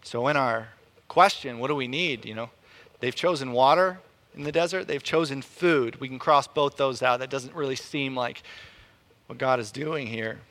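A man preaching a sermon in an animated way, often repeating words as he restarts a thought. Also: moderate pace. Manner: animated, rises in pitch and volume to act out quotes.

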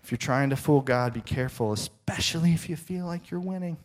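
A male preacher telling a story in a dramatic sermon, often dropping to soft, hushed tones. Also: fairly high pitch, a little fast.

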